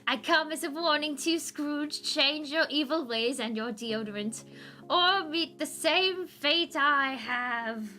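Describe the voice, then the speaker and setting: A woman's voice: high-pitched, slow pace, pushed and bright, soft background music, heavily acted. Woman doing a snivelly TV ghost. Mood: warning. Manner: snivelly, whiny impression. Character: snivelling male TV ghost, evil ex-partner. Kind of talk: comic read aloud with voices.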